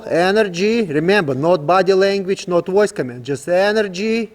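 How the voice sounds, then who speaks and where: A man's voice: sits high, expressive, normal speed, darkish tone. Repetitive instructive man with reverb. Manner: repetitive, instructive, non-native phrasing. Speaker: horsemanship trainer. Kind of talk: outdoor training demonstration. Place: outdoors with a horse.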